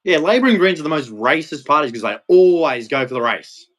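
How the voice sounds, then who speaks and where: An Australian man in his thirties speaks in a blunt, heated monologue and swears freely as he vents. His voice sits somewhat high for a man. He talks casually and plainly, without polish. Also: expressive, fairly quick, a bit bright. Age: 30s. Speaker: vlogger.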